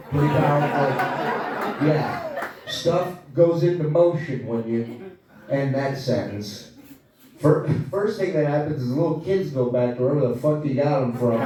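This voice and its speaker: A man telling a profane, sarcastic story on stage at a comedy club, his voice sitting a little high. He is heard from across the room, with the sound bouncing around heavily. Audience laughter rolls underneath him. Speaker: stand-up comedian. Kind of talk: stand-up comedy set. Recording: echoey club room, crowd noise, from far off.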